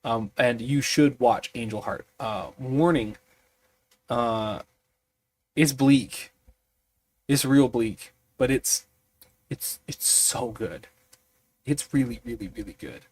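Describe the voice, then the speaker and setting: A sleepy man muses aloud at an unhurried pace while he works through random tables for a tabletop mystery. He talks in a halting way, full of small fillers and restarts. His voice sits at a middling pitch. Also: expressive. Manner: musing, halting, many fillers. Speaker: streamer designing a tabletop mystery.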